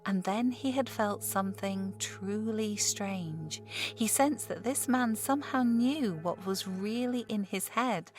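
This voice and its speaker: A woman narrating a horror audiobook in a measured, steady storytelling voice. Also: medium pitch. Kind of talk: scripted narration.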